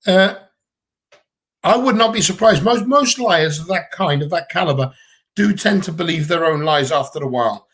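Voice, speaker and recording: A man's voice: a little high, expressive, moderate pace, a bit bright. A man with a Gibraltarian accent, chatting bluntly and casually on a livestream Q&A from home, swearing freely. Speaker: livestream co-host.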